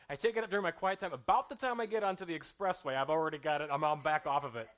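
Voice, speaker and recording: A man's voice: on the high side, fast, a bit bright. A man preaching a sermon in a conversational, self-mocking way, often checking in with "right?" and drawing out scripture lines for emphasis.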